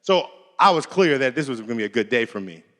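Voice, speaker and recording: A man's voice: mid-range voice, fast. A man giving a keynote talk, telling a personal story in a casual, conversational way and acting out the dialogue. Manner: animated, acts out dialogue in different voices. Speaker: keynote speaker. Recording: long hall reverb.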